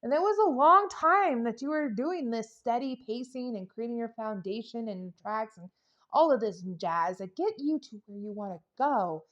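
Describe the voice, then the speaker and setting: A woman's voice: on the high side, animated, normal speed, a little mellow, highs cut off. A woman giving a casual tarot reading, chatty and playful, rambling into jokes and silly sound effects. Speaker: tarot reader.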